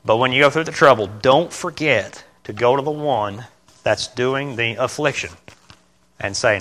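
A middle-aged man preaching an informal sermon in a small church room, earnest and halting, correcting himself and breaking into sudden loud bursts. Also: mid-range voice. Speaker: lay preacher.

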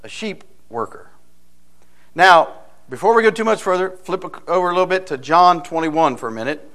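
A male preacher delivering a sermon with a somewhat high-pitched voice. He talks in a folksy, anecdotal way and keeps checking in with his listeners through quick rhetorical questions. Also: lively intonation, a bit bright.

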